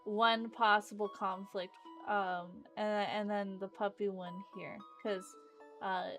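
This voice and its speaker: A woman's voice: medium pitch, level tone, slow, a bit bright, soft background music. A woman hosting a casual stream chat, easygoing and a little hesitant.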